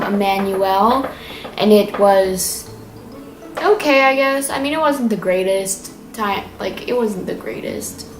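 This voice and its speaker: A teenage girl giving a casual weekly vlog update, chatty and rambling with lots of fillers. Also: medium pitch. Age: teens. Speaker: vlogger. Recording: echoey room with faint noise.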